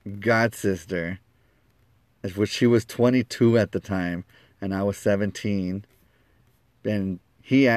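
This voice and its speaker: Low-voiced man telling a personal story. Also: dry recording, clean studio sound. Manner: lively, acts out quoted lines, laughs at himself.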